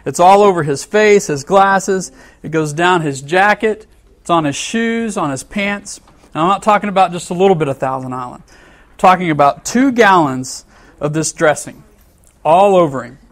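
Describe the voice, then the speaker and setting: A man with a fairly high voice preaches to a congregation, spinning a story with animated, playful energy. He acts out angry lines and chuckles along with his listeners. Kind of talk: sermon with storytelling.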